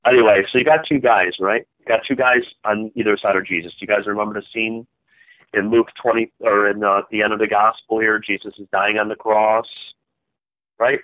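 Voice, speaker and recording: A man's voice: fairly low pitch, fairly even intonation, fairly quick, dry recording. A man hosting a call-in Bible study, questioning listeners and prompting them for answers. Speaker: host leading a Bible study. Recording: dull, dry lo-fi sound.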